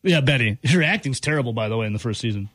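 A man's voice: medium pitch, expressive, very fast, fairly bright tone, dry recording. A man hosting sports talk radio in a studio, joking and giving blunt opinions. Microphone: studio mic.

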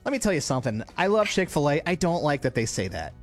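A man's voice: on the high side, very animated, fast, soft background music. A man hosting a radio morning show, chatting and joking in a casual, playful way. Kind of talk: casual on-air banter.

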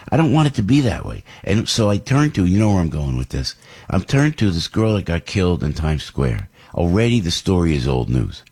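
A man hosting a radio talk show, rambling and animated, often asking rhetorical questions. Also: low voice, breathy edge. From New Jersey. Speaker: radio host.

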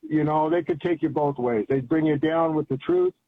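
An older man calls in over a tinny, phone-like line. His voice sits a little higher than most men's, husky and dry. He rambles on eagerly in folksy, colloquial talk. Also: normal speed, dry recording. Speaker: caller. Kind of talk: phone-in chat.

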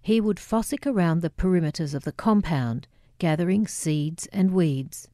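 A woman with an Australian accent reading her memoir aloud in a measured, reflective way. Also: fairly low pitch, mellow, no room sound, clean studio sound. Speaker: memoir narrator. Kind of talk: scripted memoir narration.

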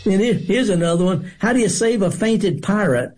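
A man's voice: high voice, lively intonation, unhurried, long pauses, a little mellow, faint music behind. A man hosting a gardening radio show in a studio, talking in a folksy, rambling way and telling corny jokes. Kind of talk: casual radio talk.

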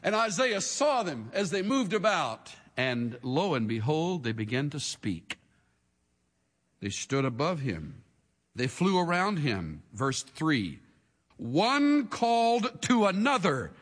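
Dramatic male preacher, wide-swinging high voice. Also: wildly swooping pitch, takes it slowly, long reverb tail. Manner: dramatic, swinging from hushed to shouting. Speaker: pastor. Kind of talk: sermon.

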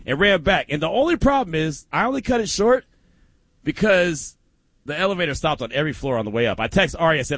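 A man's voice: a little high, big pitch swings, fast, fairly bright tone, no room sound. A male radio host telling a story in casual chat, a little out of breath and laughing often as he talks.

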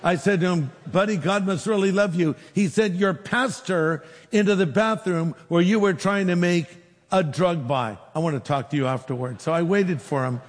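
A man's voice: sits high, moderate pace. Man preaching in a reverberant hall. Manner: storytelling with lively quoted dialogue. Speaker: pastor. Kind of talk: sermon.

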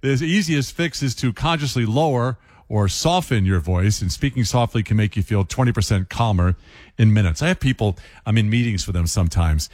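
A man's voice: fairly low pitch, brisk, a little mellow, no room sound, clean studio sound. A man hosting a radio tip segment, chatty and laughing as he talks. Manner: chatty, laughs while talking. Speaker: radio show host.

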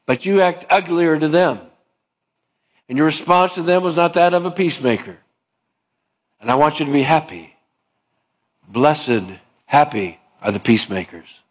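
A man preaching a sermon, asking his listeners questions and dropping low and soft on key points. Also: moderate pace, long pauses. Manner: acts out both sides of dialogues, rising pitch for the stubborn voice. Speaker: pastor.

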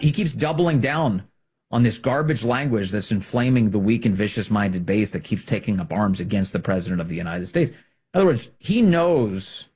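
Middle-aged male commentator: slightly raspy, lively up-and-down delivery, punchy and combative. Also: medium pitch. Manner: emphatic, combative, swings between loud and hushed. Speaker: political commentator. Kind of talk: political commentary monologue.

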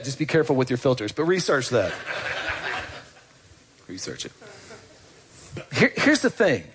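Husky-voiced man preaching a sermon. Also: medium pitch. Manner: conversational, asks the congregation questions. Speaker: pastor. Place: church.

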